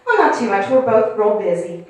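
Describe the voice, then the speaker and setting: A woman doing dry, deadpan stand-up comedy. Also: mid-range voice, moderate pace. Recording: echoey club, mic far off.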